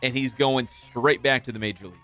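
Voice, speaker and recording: A man's voice: mid-range voice, steady tone, fairly quick, bright, forceful tone, faint music behind. A man hosting a local radio sports show, chatting playfully and reading sponsor ads. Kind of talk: casual radio banter.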